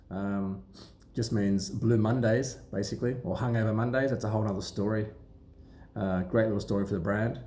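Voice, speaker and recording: A man, a trained watchmaker and dealer, explaining things casually to camera in a relaxed, rambling way with many pauses and restarts. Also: on the low side, a little hiss or hum. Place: sunlit indoor room. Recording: echoey room.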